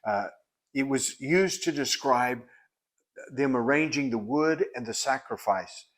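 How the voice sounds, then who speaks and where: A man's voice: medium pitch, measured pace, a bit bright. A man teaching a Bible lesson in an earnest, explanatory way. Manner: earnest and explanatory, with frequent restarts and fillers.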